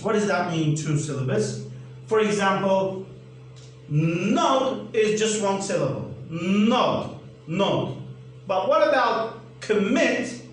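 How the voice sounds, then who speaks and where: A man with a Turkish accent gives a grammar lesson at a very slow, careful pace, spelling out letters one at a time. His voice sits high and moves animatedly. The sound is roomy and distant, with a faint hum behind it. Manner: deliberate, spells out letters, asks then answers his own questions. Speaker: English teacher. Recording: echoey room, mic at a distance, faint hum.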